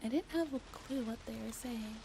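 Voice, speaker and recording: A woman streamer reading a story aloud in a soft-spoken ASMR style, slipping into whispers and chatting with her viewers. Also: a little high, normal speed, noisy background. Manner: slips into whispers, chats with viewers.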